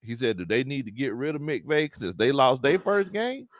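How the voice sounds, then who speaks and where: A man's voice: mid-range voice, very animated, normal speed, no room sound, studio quality. A man with a Southern US accent hosting a casual sports livestream, reading chat comments aloud, repeating himself and laughing often. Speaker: sports talk show host reading live chat.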